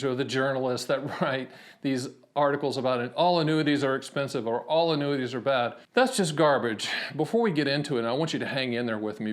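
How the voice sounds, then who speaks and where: An American man speaking straight to camera at a middle pitch. He talks in a brash, punchy salesman style, firing off rhetorical questions and telling stories from his speaking events. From United States. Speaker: annuity agent hosting his own video channel. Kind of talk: direct-to-camera explainer with anecdotes.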